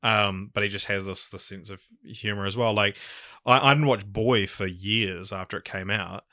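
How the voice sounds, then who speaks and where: Rambling New Zealand man, bright voice. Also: lowish voice, normal speed, dry recording, studio quality. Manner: rambling, swears often, many fillers. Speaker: podcast host. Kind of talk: casual chat.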